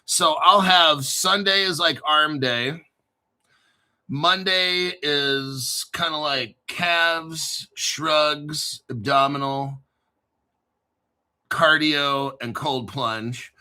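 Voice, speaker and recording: A middle-aged man with a New Jersey accent, hosting a casual crypto talk show in an excitable, profane, rambling way. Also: a little high, drawn-out words. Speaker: crypto channel host. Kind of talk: casual livestream chat.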